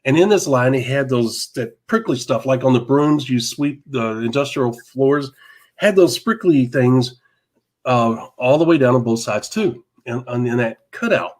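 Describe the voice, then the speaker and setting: A man co-hosting a casual live talk show, telling a long story in an animated way, laughing often and repeating himself. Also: mid-range voice, measured pace. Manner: animated, laughing, repeats words, mild cursing. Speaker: podcast co-host.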